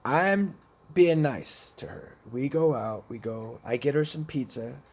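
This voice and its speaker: A man with a mid-range, slightly mellow voice speaks expressively at a measured pace. He tells a blunt, profane personal story about addiction, restarting many times, in the manner of recovery talk.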